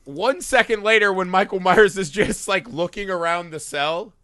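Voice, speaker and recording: A man hosting a casual film podcast, talking in an animated, profane way and acting out movie scenes. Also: high-pitched, normal speed, no room sound. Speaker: podcast host.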